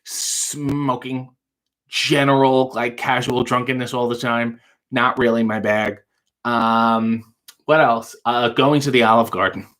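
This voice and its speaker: A man runs a casual late-night livestream, answering viewers' questions one by one. His voice sits at an ordinary middle pitch, and his delivery stays dry and wry, with quick deadpan jokes between questions. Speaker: livestream talk show host reading viewer chat.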